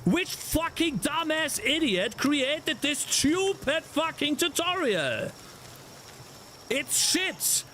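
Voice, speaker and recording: High, lively-voiced man ranting in exasperation. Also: takes it slowly, slight background noise. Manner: exasperated ranting, heavy swearing, sighs. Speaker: game developer streamer. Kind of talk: live-stream commentary while coding.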